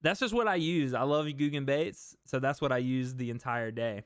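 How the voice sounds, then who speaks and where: A man's voice: medium pitch, moderate pace, clean tone, dry recording, studio quality. A young man hosting a fishing livestream, chatting casually and reading viewer comments aloud with easy laughs. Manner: laid-back, reads viewer comments aloud, laughs easily. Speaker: fishing channel host.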